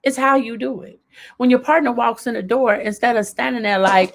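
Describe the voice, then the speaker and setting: A woman's voice: a little high, a little fast, gravelly, a little hiss or hum. A woman hosting a live advice show, coaching viewers in a casual way, repeating her key points and laughing as she reads their comments.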